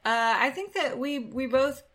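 A female podcast co-host keeps up a chatty, casual stream of talk. As she recaps events, she slips into quick quoted voices along the way. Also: high-pitched, lively intonation, fairly bright tone. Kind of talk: casual chat.

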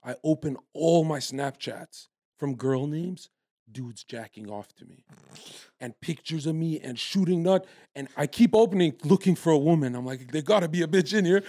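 A young man in his twenties from Canada, telling stories in a brash, profane, animated way as a guest in a casual podcast chat. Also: on the high side, normal speed, no echo, clean studio sound.

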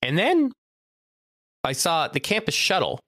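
A man's voice: on the high side, unhurried, no echo. Guy telling a story on a podcast, voice jumps all over, dry close sound. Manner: animated, acts out quoted voices. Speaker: podcast co-host, campus photographer. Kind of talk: casual storytelling chat.

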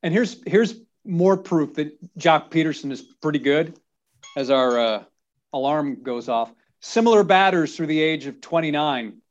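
A male host leads a relaxed interview, asking questions and reading through lists. His voice sits a touch high, and the recording sounds dull and lo-fi. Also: a little slow. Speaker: podcast host. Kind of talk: casual interview.

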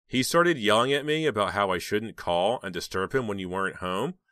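A man voicing a blunt, joking teenage girl with a hoarse, squeaky voice. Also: lively intonation, a little fast, a bit bright, no room sound, clean studio sound. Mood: teasing. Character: short chunky teenage girl, blunt joker.

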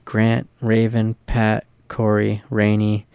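A young man chats casually, his voice low-pitched and clean. He spins rambling stories thick with swearing and filler words. The sound is dry and close to the mic. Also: monotone, slow pace, vocal fry, a little mellow, clean tone, no room sound. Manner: loose and profane, full of fillers. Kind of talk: casual storytelling.

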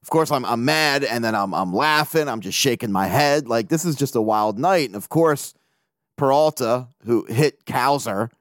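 A man's voice: mid-range voice, normal speed, no echo, clean studio sound. A man hosting a casual sports podcast, ranting with lots of swearing and laughing at himself. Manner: profane, animated ranting. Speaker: podcast host.

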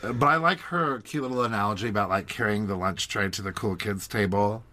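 A man's voice: lowish voice, fairly quick, pushed and bright. A man co-hosting a podcast, chatting playfully while recapping a reality TV episode. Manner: chatty, playful, slips into quoting voices. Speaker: podcast co-host.

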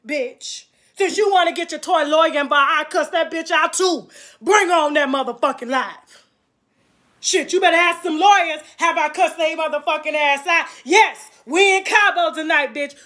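A woman's voice: high voice, a bit bright. A woman hosting her own livestream, delivering a crude, taunting rant with mocking laughter. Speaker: livestream host.

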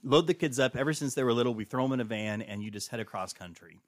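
A man in his forties chats as a podcast guest and slips into the voices of the people in his family stories. He sits close to a dry microphone with no room sound, and his pitch sits in the ordinary middle range. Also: fast talker, dry recording. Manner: animated storyteller acting out family dialogue. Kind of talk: casual podcast storytelling.

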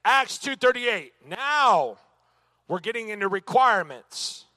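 A man's voice: high-pitched, big pitch swings, measured pace, pushed and bright, no room sound. Male Bible teacher, emphatic delivery, dry close sound. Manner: emphatic, punctuated with "amen" and rhetorical questions. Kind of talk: church Bible lesson.

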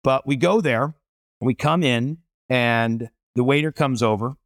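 A middle-aged man, a chef and restaurateur, telling stories as an interview guest in a lively, animated way. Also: mid-range voice, measured pace, dry recording, studio quality. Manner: animated, acts out voices in stories. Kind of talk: storytelling interview.

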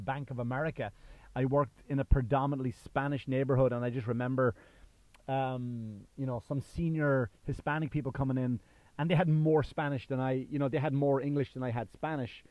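A man's voice: mid-range voice, brisk, no room sound, muffled recording. A man in his thirties with a faded Irish accent, a comedian hosting his own podcast, talking casually and rambling with many fillers and restarts. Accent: Irish, worn down by years in the US. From Ireland. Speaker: podcast host and stand-up comedian. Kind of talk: casual solo podcast monologue.

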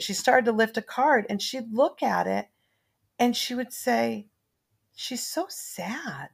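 A woman's voice: medium pitch, creaky. An older woman telling long family anecdotes in casual chat, rambling with many restarts.

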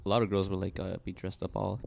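A man's voice: low voice, level tone, quick pace, creaky, a little mellow. A man in his twenties co-hosting a podcast, telling stories in a laid-back way, chuckling and cursing freely. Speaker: podcast co-host. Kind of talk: casual chat.

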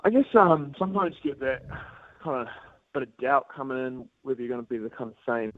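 A New Zealand-accented man phones in as a radio guest and chats casually, laughing and relaxed, sprinkling in lots of fillers. His medium-pitched voice moves briskly, and the dry phone-call recording sounds tinny.

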